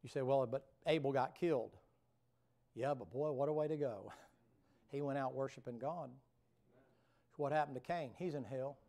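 A man's voice: medium pitch, moderate pace, long pauses, mellow. A man preaching a revival sermon in a folksy, colloquial storytelling manner, talking directly to the congregation. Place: church sanctuary.

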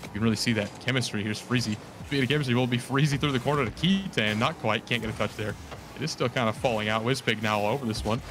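A man calling esports play-by-play in a quick, rambling way, often correcting himself mid-sentence. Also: mid-range voice, background noise. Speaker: play-by-play caster.

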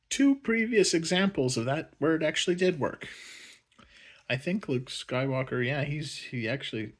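Husky, slow-talking sarcastic man. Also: mid-range voice, a bit bright. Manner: sarcastic, rambling, laughs often. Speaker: vlogger reviewing a film. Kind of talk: casual rambling movie review.

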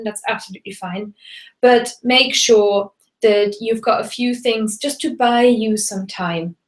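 In a room with a lot of echo, a woman leads a live webinar as a German teacher. She talks casually in a slightly high voice, mixing German and English with fillers and restarts.

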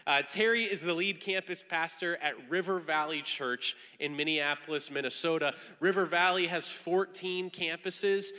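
A man introduces the visiting pastor with praise, his voice a little high and sharply bright. The sound rings with a long reverb, as in a large sanctuary. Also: normal speed, hardly any pauses. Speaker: church leader introducing the guest speaker. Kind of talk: introduction from the stage. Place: church sanctuary.

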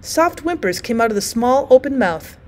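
A woman teacher reading a short story aloud in an expressive audiobook narration. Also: on the high side, normal speed.

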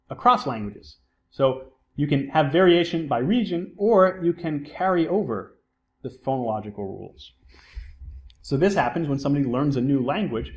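A man giving a recorded psychology lecture, explaining terms step by step and often posing a question and then answering it himself. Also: mid-range voice. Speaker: psychology instructor.

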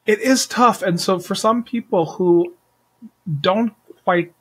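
Host, husky voice, mid pitch, rambling questions, hedges a lot, interview. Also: slow pace, poor audio. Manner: rambling, hedging with "right?" and "like".

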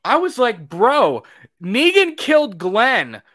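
A young man co-hosting a casual chat show, animated, swearing, acting out his own reactions. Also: extremely high pitch, slow. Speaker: podcast co-host.

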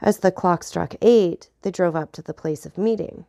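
A woman narrating an audiobook of a classic novel in a steady, clear reading voice. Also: lowish voice, normal speed, no echo, studio quality.

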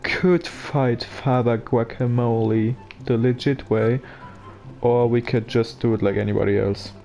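A man with a German accent talks through a video game in a flat, monotone delivery, cracking dry jokes to himself. His voice is low and mellow, and the pace is slow and unhurried. Faint music plays behind him. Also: gravelly. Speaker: gameplay commentator. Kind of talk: casual gaming commentary. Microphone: basic microphone.

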